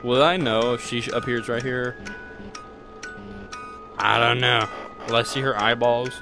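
A man's voice: mid-range voice, steady tone, unhurried. A young man giving jokey commentary while playing a horror game, talking to the characters and yelping when startled. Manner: jokey, talks to the game characters, jumpy yelps. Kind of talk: casual let's-play commentary. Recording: music playing behind the voice.

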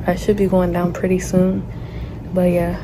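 A woman's voice: lowish voice, completely flat delivery, moderate pace. Chatty young woman in a noisy hospital room. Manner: nervous, chatty, says y'all. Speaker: vlogger. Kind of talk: casual phone vlog. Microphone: phone camera.

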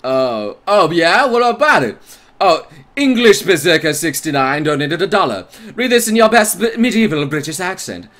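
An excitable male streamer reading a visual novel aloud and reacting with crude, laughing commentary. His voice runs high and bright, swinging all over the place. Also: normal speed. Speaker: game streamer.

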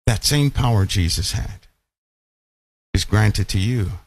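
A man preaching a Bible-study sermon who keeps asking his listeners questions and slows down to stress key lines. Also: fairly low pitch, expressive, dry recording. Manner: emphatic, asks the audience questions often.

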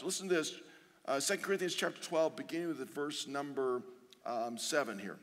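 A man preaching a sermon as pastor, earnest, slowing down to read scripture and repeating pleading phrases. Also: a little high. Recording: long reverb of a large hall.

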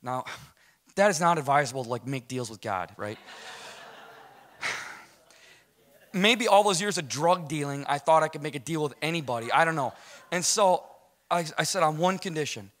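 A man's voice: on the high side, expressive, normal speed, pauses often, fairly bright tone. A middle-aged American man giving an emotional personal testimony, storytelling and acting out the dialogue, often checking in with "right?". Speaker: guest speaker giving testimony.

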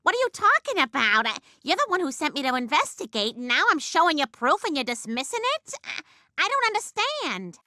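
A woman voicing an indignant female TV news reporter in an animated comedy. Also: high voice, brisk, dry recording, studio quality, heavily acted.

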